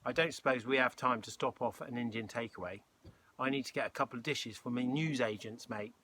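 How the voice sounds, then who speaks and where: A man's voice: mid-range voice, fairly quick, sharp tone, a little hiss or hum, natural voice. A man reading aloud and voicing a grumpy, bossy boy who speaks curtly and snaps at others. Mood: demanding. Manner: curt and snappish.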